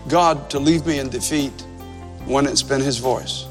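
A man's voice: mid-range voice, unhurried, long reverb tail, soft background music. A male pastor in his fifties telling a story in a sermon, conversational and self-deprecating, repeating phrases for emphasis.

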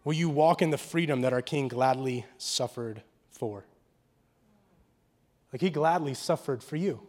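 A man, a pastor, preaching a sermon in a casual, conversational way with slang, swinging from quiet and intimate to loud and animated. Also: mid-range voice, unhurried.

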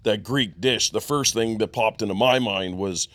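A man with a low voice co-hosts a podcast. He chats eagerly and casually and drops in slang. The recording is close and dry. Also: moderate pace, fairly bright tone, no room sound. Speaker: podcast co-host.

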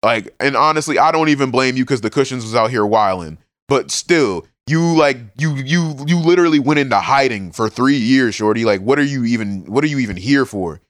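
A man chatting casually on a podcast, recapping a story in animated, slang-heavy, profane bursts. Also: mid-range voice, brisk, hardly any pauses, dry recording, clean studio sound. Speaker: podcast co-host. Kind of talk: casual chat recapping a manga.

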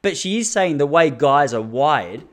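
A man's voice: a little high, expressive, a little slow, fairly bright tone. An Australian man in his thirties hosting a solo podcast, talking intensely and laughing between his points. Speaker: podcast host. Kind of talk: casual solo podcast monologue.

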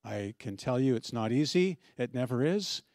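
A middle-aged man preaching a sermon as pastor, telling stories in a conversational way with gentle humor. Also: mid-range voice, animated, normal speed, no room sound, clean studio sound.

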